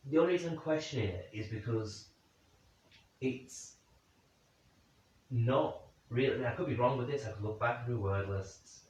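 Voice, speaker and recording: A man's voice: medium pitch, normal speed, long pauses, a little mellow. A man investigating the paranormal at night in a room, speculating aloud and calling out questions to spirits. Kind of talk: thinking aloud during a night vigil. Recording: very echoey, distant, dull lo-fi sound.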